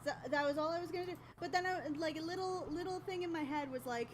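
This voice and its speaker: A woman's voice: extremely high pitch, fast, slight background noise. A woman streamer in casual chat, rambling and self-mocking, often laughing at herself.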